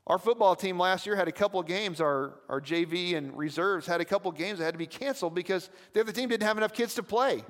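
A man's voice: high-pitched, quick pace, hardly any pauses, big-room sound. A man preaching a sermon as pastor, telling stories in a conversational way with asides to the congregation. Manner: storytelling, conversational with audience asides. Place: church.

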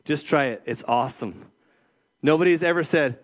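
A man's voice: a little high, moderate pace. A middle-aged man giving a conversational sermon as a youth ministry director, often checking in with his listeners. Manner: conversational, keeps checking in with "right?". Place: church room with an audience.

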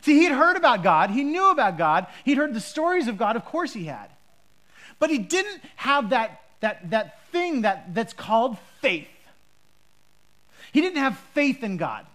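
A woman preacher teaching a Bible passage in a lively, chatty way, with frequent restarts and rhetorical questions. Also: a little high, unhurried.

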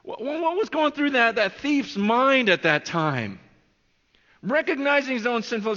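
A man's voice: extremely high pitch, moderate pace, lo-fi sound. Earnest preacher man, echoey hall. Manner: earnest, animated, with restarts. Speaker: pastor. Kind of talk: sermon.

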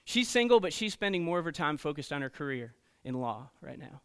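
A man preaching to teenagers as a youth pastor, telling stories in an animated way and checking in often with "okay?" and "right?". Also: on the high side, brisk, clean tone. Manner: storytelling, animated, frequent "okay?" and "right?" asides. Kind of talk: sermon to teenagers.

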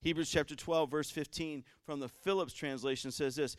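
A man preaching a sermon as pastor, swinging from loud fervent passages to quiet conversational ones. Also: fairly high pitch, steady tone, moderate pace, few pauses, no echo.

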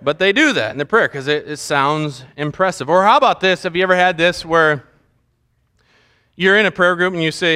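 Guy pastor preaching, high bright voice, kinda funny, does little impressions. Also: normal speed, clear, resonant tone. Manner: humorous, mimics people mid-sermon. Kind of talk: sermon.

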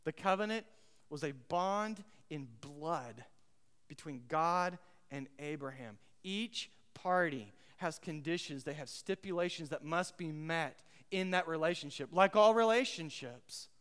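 A pastor preaches emphatically, repeating key phrases, swinging between loud and hushed, and putting questions to the congregation. His slightly high voice is expressive, unhurried, clear, and resonant, with the sound of a big room.

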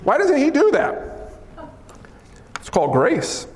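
High-voiced man preaching in an echoey hall. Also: slow. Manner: animated and joking, acting out quotes. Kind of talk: sermon.

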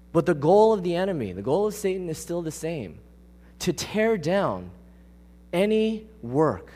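A man's voice: mid-range voice, a little mellow. Man preaching in a reverberant hall. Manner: casual, emphatic, often asks the congregation questions. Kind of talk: conversational sermon. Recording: long reverb of a large hall.

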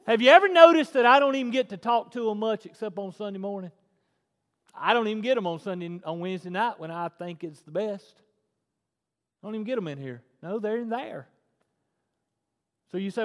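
A man in his forties preaching with a high, ringing voice. He drops to near-quiet, then climbs back to forceful emphasis. His words trail off into the long echo of a church hall. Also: animated, normal speed. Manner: emphatic preaching that swings between hushed and loud. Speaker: pastor. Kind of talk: sermon. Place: church sanctuary.

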